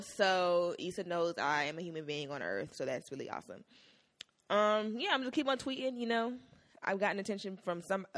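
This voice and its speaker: Animated young woman podcast co-host. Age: young adult. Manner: animated, quick shifts in pitch and loudness. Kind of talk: casual chat recapping a TV episode.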